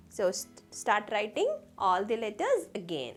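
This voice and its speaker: A woman teaching a children's phonics lesson, slowly sounding out letters and asking the class questions. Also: fairly high pitch, big pitch swings, faint music behind.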